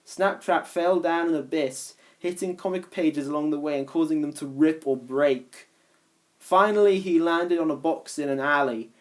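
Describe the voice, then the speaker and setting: A woman's voice: deep voice, normal speed. A woman reading a fan story aloud, shifting voices for each character. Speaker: reader.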